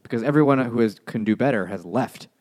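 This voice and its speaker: A man's voice: mid-range voice, fast, a little mellow. A man co-hosting a casual podcast chat over beers, cracking crude jokes. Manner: crude, wisecracking. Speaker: podcast co-host.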